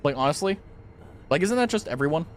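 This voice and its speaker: A man live-streaming a video game, chatting with viewers in a rambling, excitable way, laughing often and swearing casually. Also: on the high side, fast, slight background noise. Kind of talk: casual live gameplay chat.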